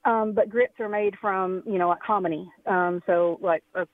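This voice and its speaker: A woman's voice: medium pitch, steady tone, moderate pace, no room sound. A woman from Tennessee calling in as a homeschool teacher, explaining things hesitantly with many fillers. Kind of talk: phone-in call. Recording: tinny phone line.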